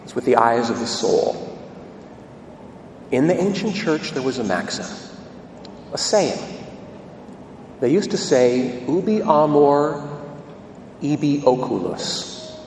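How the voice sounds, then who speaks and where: A man's voice: mid-range voice, sing-song, takes it slowly, pauses often, a little hiss or hum. A male priest preaching a sermon in a church, emphatic and storytelling. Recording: echoey hall from a distance.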